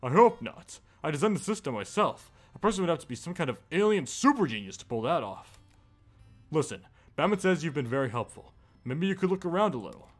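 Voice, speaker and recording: A man's voice: a little high, sing-song, brisk, soft background music, pitched above the performer's own voice. A man voicing an earnest, friendly male cyborg superhero as he reads game dialogue aloud, stumbling over a few words.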